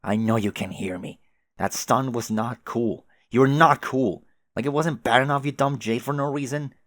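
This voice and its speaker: A man's voice: medium pitch, fairly even intonation, moderate pace, no echo, clean studio sound, close to an everyday voice. A man voicing a furious teenage boy who rants indignantly and sarcastically at a rival.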